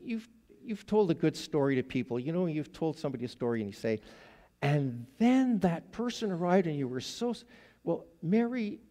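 Slow, mellow-voiced male preacher. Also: medium pitch. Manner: slow, deliberate storytelling with dramatic pauses. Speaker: guest preacher. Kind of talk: sermon.

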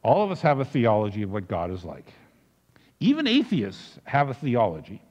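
Lively-voiced male preacher in a reverberant hall. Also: mid-range voice, normal speed, highs cut off. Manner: storytelling, animated, with restarts. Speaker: pastor. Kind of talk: sermon.

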